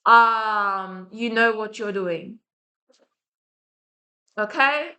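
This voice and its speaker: Agitated woman ranting, bright voice. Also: medium pitch, extremely slow. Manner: agitated ranting with frequent swearing and restarts. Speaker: vlogger. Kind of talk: heated monologue to camera.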